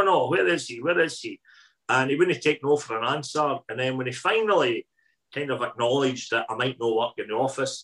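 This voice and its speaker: A Scottish man with a voice in the middle of the usual pitch range spins casual anecdotes as an interview guest. He is lively and repeats words for emphasis. He sounds like a man in his fifties chatting freely. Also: rough recording. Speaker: interview guest, food columnist.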